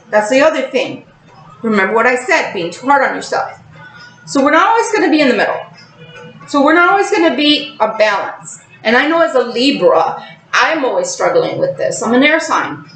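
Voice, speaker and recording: A woman's voice: on the high side, echoey room, poor audio. A woman hosting a tarot channel, talking casually about balance and acting out emotional outbursts as she goes. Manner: animated, acts out emotional outbursts. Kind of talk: casual spiritual monologue.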